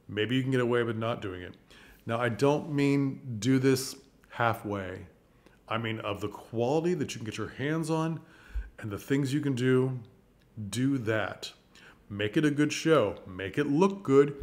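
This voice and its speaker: A man talks through practical theater advice in a chatty, coaching way. He keeps it casual, tossing out rhetorical questions and plenty of reassurance. His voice sits at an ordinary, mid-range pitch. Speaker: theater channel host.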